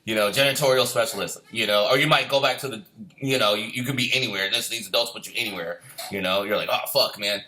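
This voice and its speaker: A man's voice: on the low side, quick pace, sharp tone, a little hiss or hum. A man who served as a Marine, telling war buddy stories in a casual, profane way, laughing often and ending lines with "man". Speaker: Marine veteran. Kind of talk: casual storytelling.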